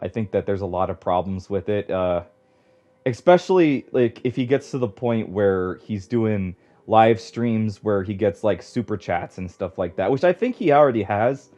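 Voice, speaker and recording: A man's voice: fairly low pitch, lively intonation, moderate pace, warm tone. A young man rambling casually as a podcast guest, swearing often and filling his talk with "like.". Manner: rambling, swears a lot, heavy use of "like". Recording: dull lo-fi audio.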